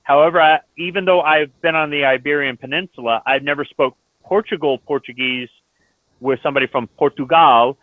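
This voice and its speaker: A man's voice: a little high, a little fast, dry recording. A man in casual chat, explaining his opinions at length. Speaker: lobby chat participant. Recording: dry tinny phone-like line.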